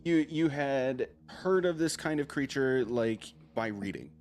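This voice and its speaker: A man narrating a tabletop game as game master, loud and excitable, often breaking into laughter. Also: mid-range voice, unhurried.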